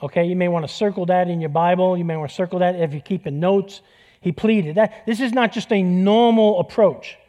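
A middle-aged man delivers a sermon in a church, easygoing and conversational, dropping jokes and repeating key phrases to drive them home. His voice sits a little on the high side for a man. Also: fairly quick, mellow. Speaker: pastor.

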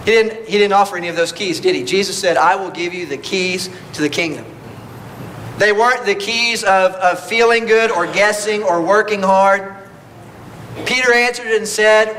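A male preacher delivering a Sunday sermon, pressing his listeners with one rhetorical question after another. His voice sits high and rings bright and forceful, with a faint hum of the room behind him. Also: moderate pace, low-quality recording. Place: church service.

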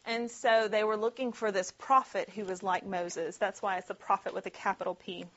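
Woman Bible-study teacher, mid-pitched, chatty with frequent laughs, slightly muffled recording. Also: steady tone, moderate pace, a bit bright, slight background noise. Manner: chatty and conversational, often laughing, with many "like" and "right?" asides. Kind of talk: casual Bible teaching to a group.

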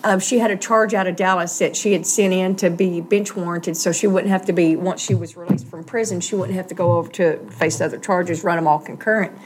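A woman's voice: fairly low pitch, steady tone, a little fast, few pauses, slight background noise. A middle-aged woman, earnestly telling a personal story in an interview and acting out the voices she quotes.

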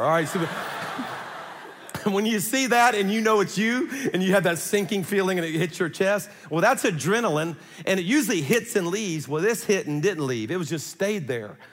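Middle-aged male pastor, higher-pitched, conversational sermon storyteller, big reverberant hall. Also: brisk. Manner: animated, conversational, acts out quotes.

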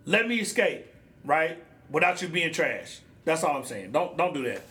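On his solo podcast, a man with a bright, high-pitched voice rants at a moderate pace, animated and blunt. Speaking into a podcast mic, the host keeps things loose, slangy and conversational.

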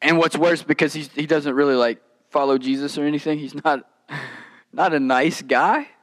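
A man preaching a sermon in a conversational, animated way, with casual asides. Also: on the high side, normal speed, low-quality recording. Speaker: pastor.

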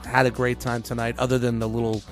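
A man's voice: medium pitch, flat delivery, quick pace, soft background music. A man co-hosting a live stream, laid-back and swearing casually. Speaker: podcast co-host. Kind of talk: casual chat.

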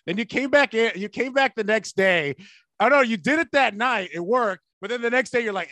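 A man's voice: high voice, lively intonation, fast, fairly bright tone, no echo. A man, a stand-up comedian, joking playfully in casual podcast chat and laughing often.

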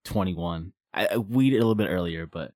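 A young man chatting on a podcast in a low voice. He talks in a rambling, self-deprecating way and leans on fillers. The sound is dry and close. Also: a little fast, a little mellow, no echo. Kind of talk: casual chat.

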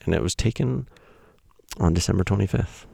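Very deep gravelly man, wry and blunt. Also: moderate pace, mellow, no room sound, clean studio sound. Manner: wry, self-deprecating, blunt asides. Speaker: podcast host reading his weekly writing. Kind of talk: casual spoken essay reading.

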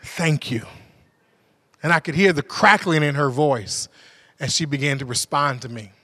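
Animated high-voiced male preacher. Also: moderate pace. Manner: animated storytelling, swings from shouting to hushed. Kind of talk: sermon.

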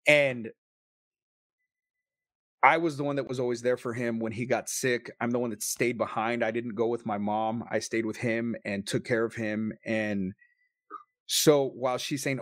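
A man's voice: mid-range voice, fairly even intonation, fairly bright tone, no room sound. Profane storytelling man, dry sound. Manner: emotional, profane, quick bursts. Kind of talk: casual storytelling.

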